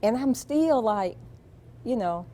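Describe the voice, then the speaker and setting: A woman being interviewed, telling a personal family story in a slow, soft, reflective way. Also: on the high side, expressive, slight background noise.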